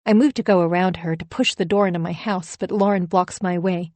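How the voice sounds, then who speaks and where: A woman narrates a first-person suspense audiobook with tense, emphatic delivery. Her voice is a bit low for a woman. It is recorded on a close mic with a dry, dead sound. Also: steady tone, a little fast, hardly any pauses, warm tone, no room sound.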